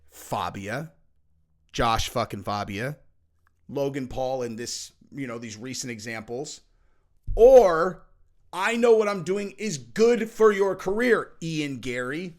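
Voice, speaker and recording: A male commentary host ranting casually in blunt, profane language, with a dry, wry edge. His voice sits fairly high for a man. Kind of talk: casual rant-style commentary.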